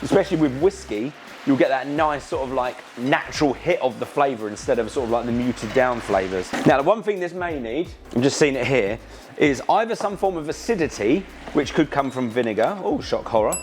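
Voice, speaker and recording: A man's voice: medium pitch, expressive, a little fast, slight background noise. An enthusiastic man, hosting a casual cooking demonstration in chatty, slangy talk. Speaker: cooking show host. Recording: music playing behind.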